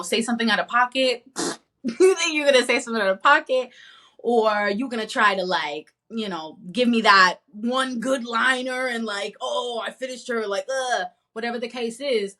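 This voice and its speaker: A woman co-hosting a podcast, talking in a blunt, profane, animated rant. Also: fairly high pitch. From not from the American South. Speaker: podcast co-host. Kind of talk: casual chat.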